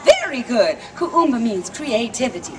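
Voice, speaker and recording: Animated woman storyteller, high voice, noisy. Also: moderate pace. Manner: animated, playful, laughs often. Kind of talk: live storytelling performance with audience call-and-response. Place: outdoor theme park stage.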